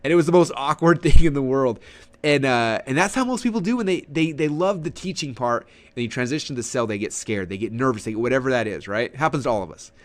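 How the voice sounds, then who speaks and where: A man coaching on online sales in a webinar lesson, energetic and salesy, with frequent restarts. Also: mid-range voice, quick pace. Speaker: marketing coach. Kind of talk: webinar teaching.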